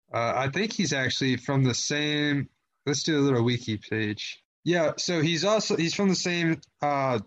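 A man co-hosting a casual sports chat, rambling along with lots of fillers and restarts. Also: mid-range voice. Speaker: podcast co-host.

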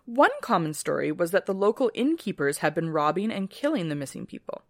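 A woman's voice: lowish voice, very animated, a little fast, dry recording. A woman co-hosting a podcast, reading a history script steadily and breaking off for dry casual asides. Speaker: podcast co-host.

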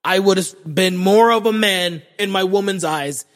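High-voiced, profane young man. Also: a little slow, in a large hall. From Florida, USA. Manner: profane, animated, self-mocking. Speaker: podcast host. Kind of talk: comedic storytelling monologue.

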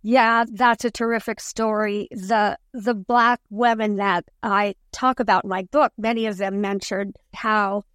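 A woman author being interviewed on a podcast, telling history in an earnest, measured way. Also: medium pitch, steady tone, a bit bright, no echo, clean studio sound. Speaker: author guest.

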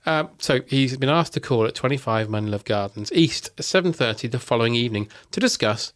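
A man's voice: mid-range voice, brisk. Wry man narrating a story. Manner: wry, deadpan asides while narrating. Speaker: podcast host telling the story. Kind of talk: casual storytelling chat.

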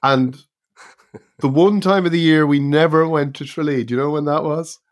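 A middle-aged Irish man co-hosting a chat podcast, relaxed and meandering with plenty of fillers. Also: fairly high pitch, moderate pace, no echo, studio quality. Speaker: podcast co-host. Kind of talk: casual chat.

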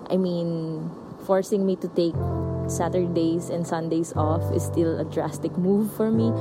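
A woman's voice: lowish voice, low-quality recording. A Filipino woman co-hosting a podcast, talking earnestly and slipping between English and Tagalog. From Philippines. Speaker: podcast co-host. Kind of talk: reflective podcast talk.

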